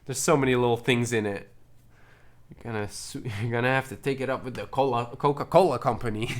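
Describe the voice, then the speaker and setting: Showing off his movies on a home stream, he talks at a slightly quick clip in a medium-pitched male voice. The tone is relaxed and conversational, full of excited praise and frequent repetition.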